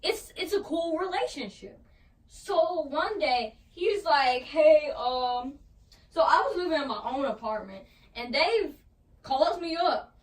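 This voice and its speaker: A woman voicing Tigger, a high, slangy cartoon tiger. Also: expressive, takes it slowly. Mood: rambling. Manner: rambling slangy storytelling, calls people fool and bro. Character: slangy boastful male cartoon tiger, rambling. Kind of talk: comedic storytime monologue with a stuffed toy. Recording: voice distant from the mic.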